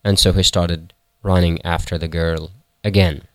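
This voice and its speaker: A man retelling a folktale in a halting way, with fillers and self-corrections. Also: deep voice, little pitch movement, no echo. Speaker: storyteller.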